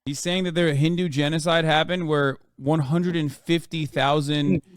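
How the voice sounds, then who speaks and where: A male streamer host talking calmly and explaining things in casual conversation. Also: fairly high pitch, moderate pace, clear, resonant tone, dry recording.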